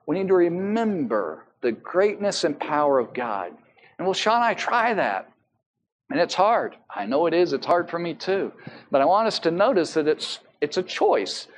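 A man preaching a sermon as pastor, talking earnestly and conversationally with rhetorical questions, with an American accent. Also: on the high side.

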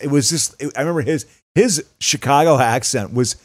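A man's voice: mid-range voice, fairly quick, few pauses, no room sound. A man co-hosting a podcast in casual chat, often stammering and repeating his words. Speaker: podcast co-host.

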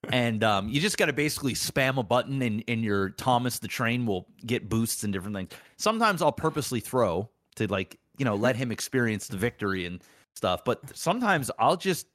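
A man co-hosting a casual podcast, his voice at an ordinary middle pitch. He talks in a relaxed, easygoing way with plenty of fillers. The recording is close and dry. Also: a little fast, no echo. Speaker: podcast co-host. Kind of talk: casual chat.

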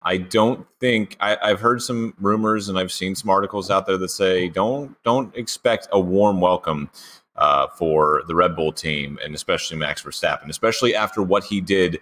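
A man's voice: deep voice, moderate pace, fairly bright tone. A man co-hosting a sports podcast, chatting casually and throwing out bold predictions with enthusiasm. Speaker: podcast co-host.

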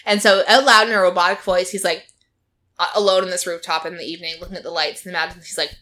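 A woman's voice: lowish voice, rapid-fire, pushed and bright. A woman in casual chat, animatedly retelling a reality show to a friend, quoting its people and laughing often. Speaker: podcast co-host recapping a reality show.

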